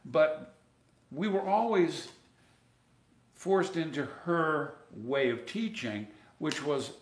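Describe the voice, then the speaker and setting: In this storytelling interview, a male guest with a slightly high, animated voice speaks slowly in a reverberant space. He chats about his singing lessons, now and then breaking into a sung line to demonstrate a point.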